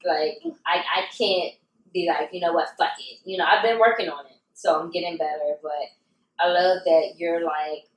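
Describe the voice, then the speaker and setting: A woman co-hosting a podcast in casual chat, talking candidly and reflectively at an unhurried pace. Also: fairly low pitch, steady tone. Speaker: podcast co-host. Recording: roomy sound, mic at a distance.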